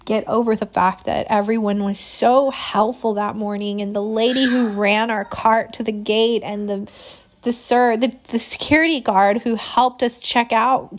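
A woman telling a heartfelt personal story as a mother, emotional and laughing often, with many restarts. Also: on the high side.

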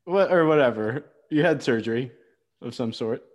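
Male co-host, wisecracking and interrupting, ordinary mid-pitched voice. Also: animated, moderate pace, highs cut off. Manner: teasing, joking, cuts in. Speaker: podcast co-host. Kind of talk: casual chat.

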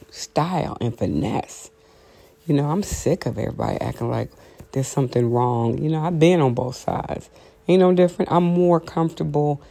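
Gravelly, candid woman vlogger. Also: sits low, warm tone. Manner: sassy, blunt and conversational, many "you know"s. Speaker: vlogger hosting her own talk show. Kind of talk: candid opinion monologue to camera. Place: at home, seated with coffee.

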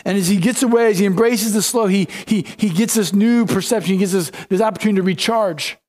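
A man's voice: sits high, fast talker, a little mellow. A male pastor preaching a sermon, retelling scripture in casual, everyday storytelling speech.

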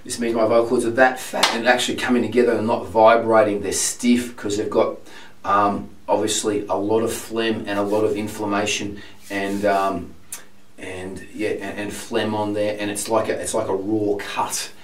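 A man teaching singing while hoarse and sick with laryngitis, explaining frankly with many filler ums. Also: lowish voice, little pitch movement, moderate pace, reverberant, far from the mic, slight background noise, low-quality recording. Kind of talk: vocal lesson demonstration.

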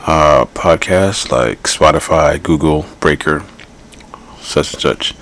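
Male podcast host, very deep voice with a gravelly fry, blunt and rambling. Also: takes it slowly, fairly bright tone. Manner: blunt, rambling, repeats himself. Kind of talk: casual political commentary.

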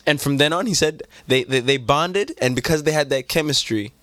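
A man's voice: a little high, no room sound. Young man telling a story, dry mic. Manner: animated, quick storytelling. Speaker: podcast host. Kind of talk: casual podcast storytelling.

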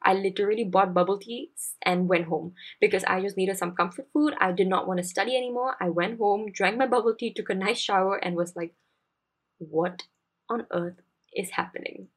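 A woman's voice: medium pitch, a little fast, hardly any pauses. A young woman in her twenties with a Singaporean English accent, telling a personal story as a podcast host in a chatty, confiding way.

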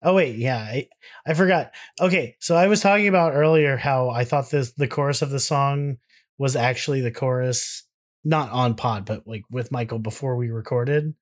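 A young man talks loosely on a podcast, piling up fillers and self-mocking asides. His voice sits in an ordinary middle pitch. He swears now and then. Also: normal speed. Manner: rambling, self-deprecating, profane. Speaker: podcast co-host. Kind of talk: casual chat.

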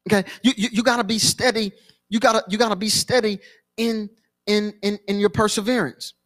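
Pastor, young adult man, high voice, sermon storytelling with repeated phrases. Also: level tone, fairly quick, fairly bright tone.

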